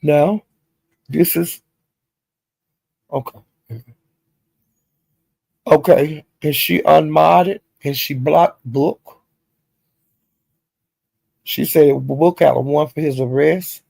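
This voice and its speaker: Male channel host, gravelly husky voice, slightly high, AAVE, gossipy recap. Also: drawn-out words, pauses often, no room sound. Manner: gossipy, animated retelling with slang and profanity. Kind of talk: casual recap of online drama.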